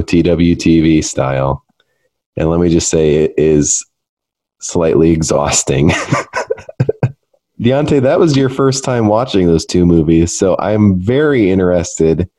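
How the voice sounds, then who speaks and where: A young man hosts a relaxed podcast chat, joking at his own expense and breaking into laughter. His voice sits very low and has a mellow, dark tone. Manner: laughs often, joking and self-mocking. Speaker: podcast host.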